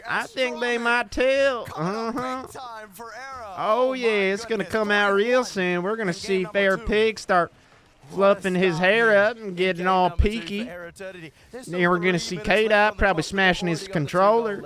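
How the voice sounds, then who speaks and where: A man's voice: high voice, fairly even intonation, measured pace, a crowd in the background. A man hamming up a brash southern good ol' boy. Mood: mocking. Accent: put-on American Southern. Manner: folksy, teasing, boastful drawl. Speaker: streamer. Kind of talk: joking watch-party commentary.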